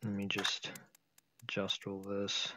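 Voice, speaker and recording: A man's voice: fairly low pitch, completely flat delivery, slow, noisy background. A tired man casually commentating a flight sim game he is playing, thinking aloud and humming to himself. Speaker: gameplay video host.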